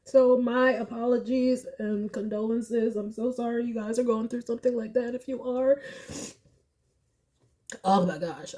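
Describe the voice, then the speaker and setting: A young woman with a fairly high voice talks casually through a tarot reading to camera. She is openly emotional and tearful, dropping soft and low one moment and rising high and loud the next. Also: steady tone, measured pace. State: tearful, crying at times. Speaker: tarot reader.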